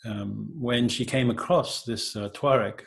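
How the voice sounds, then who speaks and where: A middle-aged man giving a gentle, halting meditation talk, full of hesitations and filler words. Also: medium pitch, creaky. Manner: gentle, hesitant, many "you know" fillers. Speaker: meditation teacher.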